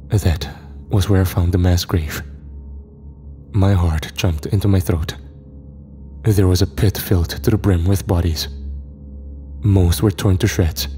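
A man narrating a first-person horror story in a steady, even manner. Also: deep voice.

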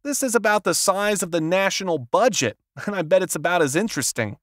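A man voicing a gruff, sardonic middle-aged literary agent who talks in a brusque, clipped, sarcastic way, read as an audiobook character. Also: high-pitched, lively intonation, fairly quick, no room sound, clean studio sound, pitched above the performer's own voice.

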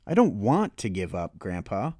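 A man's voice: on the low side, wildly swooping pitch, moderate pace, mellow, no room sound, studio quality. A man voicing a tired, earnest young country boy in an audiobook reading, talking in a weary, pleading way.

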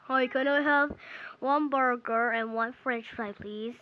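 A woman's voice: fairly high pitch, steady tone, measured pace, dry recording, lo-fi sound, lightly acted. A woman doing a petulant, pleading boy customer.

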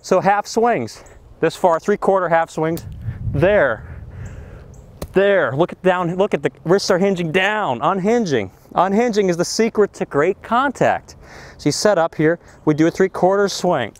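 Male golf instructor, high-ish, very animated delivery, excitable, recorded on an outdoor range. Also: measured pace. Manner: enthusiastic, excitable, exclaims and hoots. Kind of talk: energetic golf lesson on the range.

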